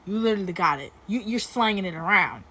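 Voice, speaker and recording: A woman's voice: mid-range voice, expressive, fast, pushed and bright, breathy edge. Chatty young woman telling a storytime. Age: young adult. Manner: chatty, full of "like", dramatic asides. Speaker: storytime vlogger. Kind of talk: casual storytelling. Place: dorm room.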